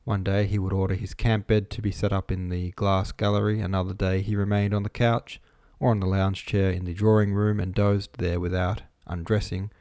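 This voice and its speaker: Low, mellow male audiobook narrator. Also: little pitch movement, moderate pace, hardly any pauses, dry recording.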